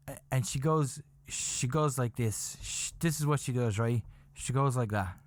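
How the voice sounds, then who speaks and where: A man hosting a podcast, telling a comedic story in a profane, rambling, animated way, acting out his own panic. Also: medium pitch, a little slow, no echo. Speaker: podcast host.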